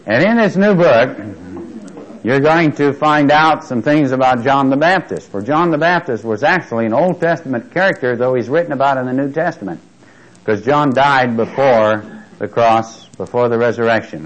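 A man's voice: medium pitch, highs cut off. A man preaching a sermon in a conversational way, questioning his listeners and swelling on key words. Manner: conversational, asks the congregation questions.

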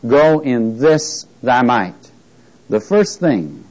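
Male Bible teacher leading a chatty class; drawn-out scripture reading, playful asides. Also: mid-range voice, sing-song, a little mellow, poor audio. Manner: reads scripture slowly with emphasis, jokes with class. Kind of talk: interactive Bible lesson.

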